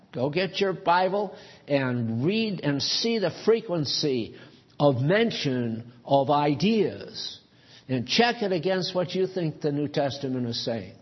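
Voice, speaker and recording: A man's voice: high voice, breathy edge, dull audio. A man preaching a sermon earnestly, pressing his points with rhetorical questions.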